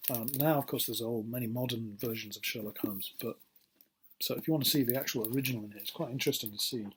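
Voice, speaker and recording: A man's voice: mid-range voice, fast, a little hiss or hum. A man, a teacher talking through a casual recorded lesson in a chatty, rambling, playful way and correcting himself as he goes. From England. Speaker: English teacher.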